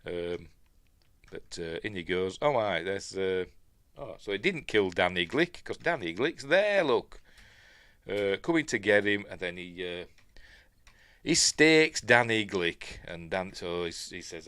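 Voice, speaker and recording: Speaking a little slowly with big pitch swings, a middle-aged film reviewer from Yorkshire, England, walks through a movie scene by scene. His low voice is clear, resonant and fairly bright, with no room sound, and his casual rambling is dotted with chuckles and ums.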